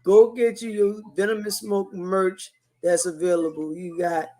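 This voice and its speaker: High-voiced animated podcast co-host man. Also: a little slow. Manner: animated, playful, hyping merch. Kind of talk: casual sports podcast chat.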